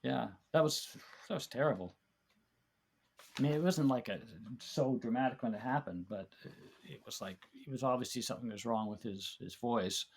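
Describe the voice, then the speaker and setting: A man's voice: medium pitch, normal speed, creaky, husky. A man as a podcast guest, telling stories in a rambling way with many restarts. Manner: rambling, warm storytelling with many restarts and fillers. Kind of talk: casual chat, reminiscing.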